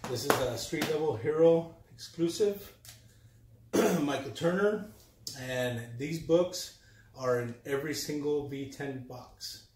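A man's voice: a little high, slow, far from the mic, a little hiss or hum. Chatty man hosting an unboxing vlog. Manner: relaxed, chatty, trailing off mid-sentence. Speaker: YouTube collector host. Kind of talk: casual unboxing chat. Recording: roomy sound a bit off-mic.

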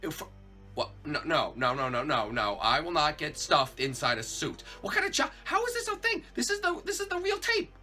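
A man's voice: on the high side, huge pitch swings, normal speed, pushed and bright, soft background music, heavily acted. A man voicing a jittery failed cop turned night guard in a hobby plush video, stammering and repeating himself in panic. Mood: panicked.

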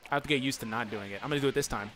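A man doing let's play commentary, excitable and yelling taunts at his opponents over faint game music. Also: medium pitch, very fast. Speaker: gaming channel host.

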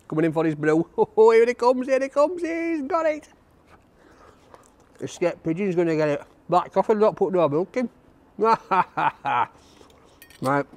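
A man reviewing a takeaway outdoors, chatting and gushing over every bite. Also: a little high. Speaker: food reviewer. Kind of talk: casual food review to camera.

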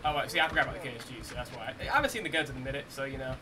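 A man streaming a shooter game, muttering commentary and swearing, with bursts of yelling. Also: rapid-fire, background noise. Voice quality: profane, yelling outbursts. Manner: muttering low, then shouting in frustration. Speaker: gamer streamer. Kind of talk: live gameplay commentary. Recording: game gunfire behind voice. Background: gunfire and game sounds.

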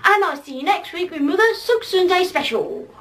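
A woman's voice: extremely high pitch, sing-song, a little fast, fairly bright tone, pitched above the performer's own voice, heavily acted. A woman doing an impression of a young male vlogger cheerily signing off his video. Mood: cheery. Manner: upbeat sign-off, whooping.

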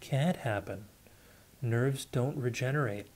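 A haunted, shaken man who keeps murmuring denials to himself, as the reader voices him. His voice sits in a middle register and moves slowly. He sounds desperate and disbelieving. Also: medium pitch, a little mellow, close to an everyday voice. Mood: stunned denial.

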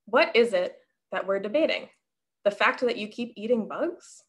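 A woman voicing an angry, blunt little female ladybug in a children's story, speaking loudly and with exasperation. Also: mid-range voice, expressive, normal speed, lightly acted. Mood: exasperated.

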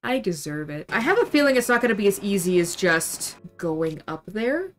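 Playful young woman streamer, lively voice. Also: a little high, a little hiss or hum. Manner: playful, self-mocking, talks to herself. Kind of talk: casual gameplay commentary.

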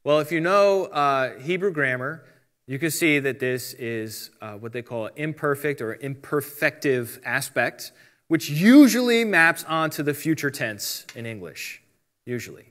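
A man's voice: fairly high pitch, animated, measured pace, a bit bright. A middle-aged man giving a casual Bible teaching talk, explaining step by step and reading out translations.

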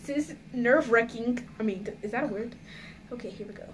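A woman's voice: a little high, brisk, noisy background. Giggly, nervous young-sounding woman vlogging. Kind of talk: casual vlog chat. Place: at home indoors.

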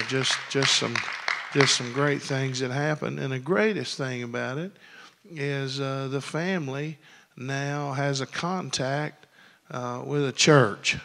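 A man's voice: mid-range voice, vocal fry, sharp tone, in a large hall, slight background noise. A man preaching a sermon as pastor in a church, folksy and rambling. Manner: folksy, rambling with many restarts. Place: church sanctuary.

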